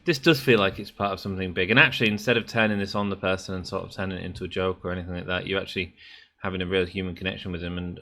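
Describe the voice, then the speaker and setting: A man's voice: deep voice, pushed and bright, a little hiss or hum. A man talking casually over a game he is playing, thinking aloud and rambling with lots of fillers. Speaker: gaming YouTuber. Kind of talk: casual gameplay commentary.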